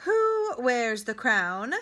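A woman's voice: fairly high pitch, drawn-out words, voice pushed up, heavily acted. A woman reading a cool, probing king. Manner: flat, toneless, quietly probing. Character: shrewd, indifferent middle-aged male king. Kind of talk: storybook reading.

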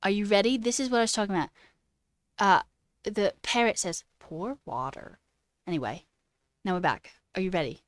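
Talking fairly quickly with lively intonation, a woman with a clear, resonant mid-range voice chats casually on a dry-sounding live stream. A livestreamer and new software engineer, she laughs often and adopts a mock British accent while reading chat aloud.

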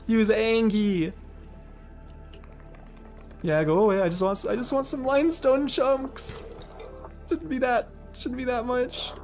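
A man's voice: very high-pitched, steady tone, a little slow, pauses often, darkish tone. A young man streams a game live, chatting loosely and rambling between thoughts. He shrieks and laughs whenever something startles him. Faint game music plays under his voice. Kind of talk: live gameplay commentary.

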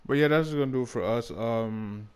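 A young man giving casual commentary over a basketball video game, muttering one moment and yelling in frustration the next. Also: mid-range voice, moderate pace, smooth. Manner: swings from mumbled talk to loud frustrated outbursts. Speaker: gaming YouTuber.

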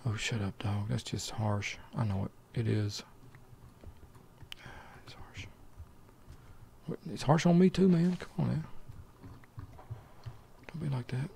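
An older man narrates gameplay slowly and lazily, his voice gravelly and dark. He mutters to himself, drawls and trades quips with an imagined buddy, as if trying to lull listeners to sleep. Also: mid-range voice, slight background noise. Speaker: let's play host. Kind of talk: slow gameplay commentary for falling asleep.

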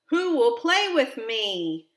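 A woman's voice: on the high side, very animated, slow, fairly bright tone, exaggerated voice. A woman voicing a friendly, lonely little male lion cub who keeps asking others to play with him, in a storybook reading. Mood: hopeful. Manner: pleading, hopeful questions. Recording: roomy echo.

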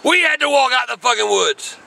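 Profane old man, high-pitched. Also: lively intonation, brisk, gravelly. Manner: cursing, repetitive, bursts into shouting. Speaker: channel regular. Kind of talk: profane rambling storytelling.

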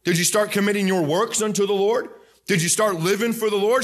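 A man in his thirties, a pastor preaching a lively sermon who acts out people's voices and raises his voice to a shout for emphasis. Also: high voice, moderate pace.

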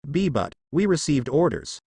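A man's voice: on the high side, big pitch swings, normal speed, darkish tone, slightly rough, dry recording, studio quality, full character voice. Guy doing a bossy fallen angel lady from a fanfic, defensive, voice bounces around a lot. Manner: commanding, defensive. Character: proud, rattled female fallen angel leader.

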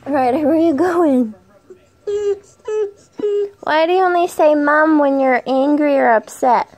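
A woman's voice: high-pitched, measured pace, darkish tone. A mother in a home vlog, playfully teasing and coaxing her toddler in singsong baby talk. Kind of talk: home vlog, talking to a child.

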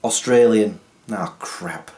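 A man's voice: fairly low pitch, slow, warm tone. A man chatting casually in a comedy vlog, self-deprecating and chatty. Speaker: vlogger.

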